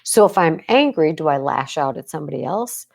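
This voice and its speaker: A woman psychologist hosts a podcast in a deep voice with lively intonation, speaking briskly with vocal fry. Her casual talk is intense and emphatic, full of "right?" check-ins, and she acts out quoted lines of speech.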